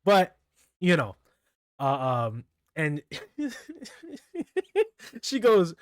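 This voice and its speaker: A man's voice: high voice, huge pitch swings, drawn-out words, pauses often, no echo, studio quality. Giggly rambling man recapping manga. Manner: rambling, giggly, stumbles over names. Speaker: manga reviewer. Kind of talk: casual solo manga recap.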